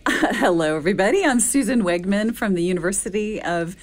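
A woman guest joins a podcast as a university dean. She chats casually and warmly and often breaks into giggles. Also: mid-range voice, animated, fairly quick. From Central Texas. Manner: warm, giggly, appreciative. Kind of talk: casual chat.

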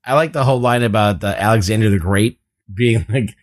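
A man joining a casual film review chat, lively and quick to laugh. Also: lowish voice, slight background noise.

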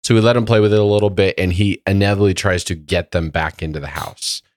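Male podcast co-host, very deep and dry, slightly sick, rambling and casual. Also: fairly even intonation, fast, a little mellow, dry recording. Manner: rambling storytelling with many fillers. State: voice lowered by a cold. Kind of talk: casual chat.

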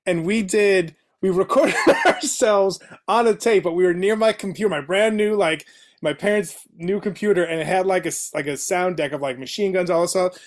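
A man's voice: high-pitched, normal speed. A man in his forties hosting an interview, casual and full of fillers. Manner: casual, filler-heavy, laughs often. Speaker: podcast host.

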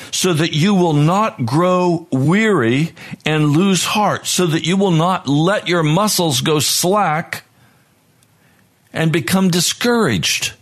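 A man preaching a sermon as pastor, earnest and at times pleading in prayer. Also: fairly high pitch.

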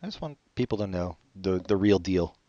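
A man co-hosting a podcast in casual chat, joking in a sarcastic, deadpan way. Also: sits low, a little fast, no room sound, dull audio. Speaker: podcast co-host.

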